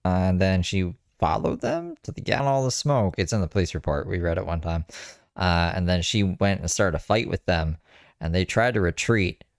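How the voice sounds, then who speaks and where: Low-voiced guy doing sarcastic commentary, dead dry sound. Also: sing-song, moderate pace, vocal fry, no room sound. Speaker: commentary streamer. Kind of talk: casual commentary over clips.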